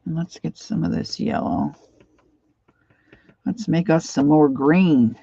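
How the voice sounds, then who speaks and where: A middle-aged Pennsylvania woman with a local accent chats and rambles while painting on her art livestream, slipping in warmly nostalgic asides. Her deep voice moves slowly, gravelly with a breathy edge. The recording is dry and muffled.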